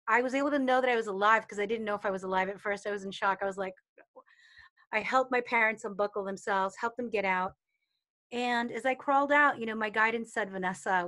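A woman's voice: medium pitch, a bit bright. A woman coaching on intuition in a casual teaching talk, expressively acting out inner voices and quoted people. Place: online community replay session.

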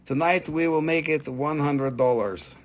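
A man's voice: a little high, unhurried. A man hosting a live stream gem sale, with joking sales patter and a put-on quirky accent that comes and goes.

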